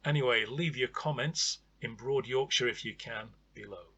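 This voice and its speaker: A man's voice: mid-range voice, normal speed, pushed and bright, breathy edge, lo-fi sound. A man casually reviewing an odd old comedy record, chatty and wry, with lots of ums and uhs.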